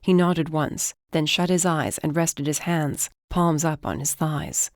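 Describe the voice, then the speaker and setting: An audiobook narrator reading a first-person fantasy novel in an even, measured way. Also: mid-range voice, dry recording, studio quality.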